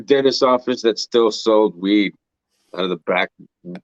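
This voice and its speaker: A man's voice: fairly low pitch, slow pace, no room sound, highs cut off. A man guest on a podcast, reminiscing in a laid-back, sweary way with frequent laughs. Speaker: podcast guest, drum tech. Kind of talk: casual chat.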